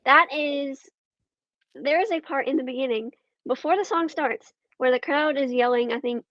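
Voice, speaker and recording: High-pitched woman guest, lots of ums, hesitant rambly chat, dry slightly muffled audio. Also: moderate pace, no room sound. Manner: hesitant, full of ums and trailing thoughts. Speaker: podcast guest. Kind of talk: casual conversation.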